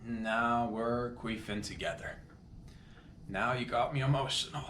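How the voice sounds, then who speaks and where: A man's voice: medium pitch, unhurried, fairly bright tone. A man hosting a comedy podcast, talking in a casual, rambling and earnest monologue that keeps interrupting itself. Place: Toronto. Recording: echoey room with faint background noise.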